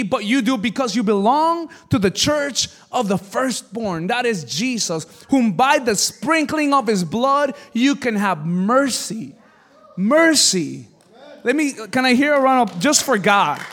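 A man with a high voice preaches to a church congregation. He tells a personal story in an animated, joking way, bursting into loud exclamations and then dropping to quiet, serious asides. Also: normal speed, hardly any pauses. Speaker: pastor. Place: church service before a congregation.

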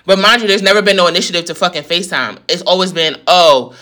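This New York woman is fired up, ranting to viewers in a storytime rant. Her voice is fairly low and sharp, her delivery rapid-fire, heated, profane and full of venting.

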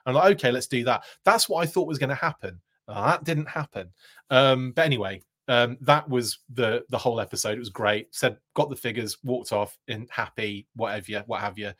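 A man's voice: mid-range voice, fairly quick. A man hosting a live show, telling a long, rambling anecdote with frequent laughs and restarts. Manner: rambling, animated, laughing often, many restarts. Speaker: host. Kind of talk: casual storytelling on a live show.

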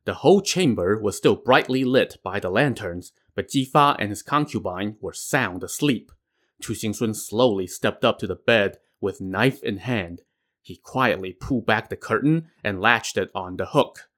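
A man's voice: fairly low pitch, lively intonation, moderate pace, a bit bright. A man narrating a classic tale with wry, conversational asides. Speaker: storyteller. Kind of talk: storytelling narration.

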